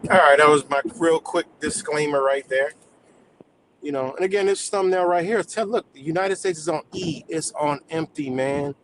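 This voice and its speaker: A man's voice: on the high side, moderate pace, a little hiss or hum, low-quality recording. Heated, swearing man ranting on a livestream. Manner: heated, swearing, streetwise slang, laughs between points. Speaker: livestream host. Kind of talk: profane political rant.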